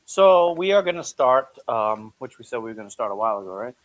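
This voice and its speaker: A man co-hosting a casual live stream from a couch at home, talking in a relaxed way and joking dryly. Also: mid-range voice, fast, dry recording, rough recording. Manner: relaxed, easygoing, jokes dryly. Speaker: co-host.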